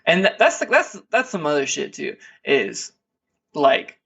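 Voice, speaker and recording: A man's voice: fairly high pitch, sing-song, measured pace, creaky, sharp tone, distant mic, lo-fi sound. A man co-hosting a podcast, talking in a laid-back, rambling way with lots of fillers and restarts. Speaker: podcast co-host. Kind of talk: casual chat.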